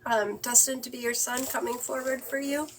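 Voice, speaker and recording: A woman works through a live-stream mediumship reading, her voice sitting a little high. She speaks haltingly and emotionally, full of pauses, fillers and sighs. A faint hiss runs under her. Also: steady tone, poor audio.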